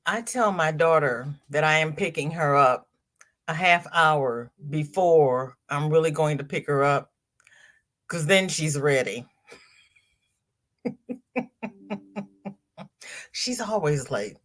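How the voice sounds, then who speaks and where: A woman's voice: low voice, animated, slow pace, pauses often, fairly bright tone. An older woman hosting a crochet livestream, chatting casually, greeting viewers by name and repeating phrases for emphasis. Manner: chatty, reads viewer comments aloud and greets each viewer.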